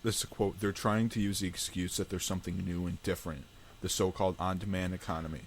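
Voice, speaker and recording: Brief: man co-host, very low voice, steady explainer, online call. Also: quick pace, slight background noise. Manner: steady, explains and reads out news. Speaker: podcast co-host. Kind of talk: casual chat.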